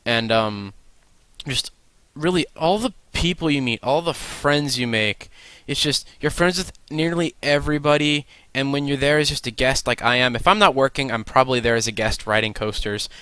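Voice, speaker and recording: Young male vlogger, slight lisp, smooth dry voice, middle pitch, rambly and eager. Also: moderate pace, dry recording. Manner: rambling, excitable. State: stiff swollen mouth after dental surgery. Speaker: vlogger and ride operator. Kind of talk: casual vlog chat.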